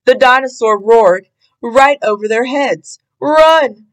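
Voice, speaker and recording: Slow, expressive woman reading a picture book. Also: medium pitch, poor audio. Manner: expressive, deliberate. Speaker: storybook reader.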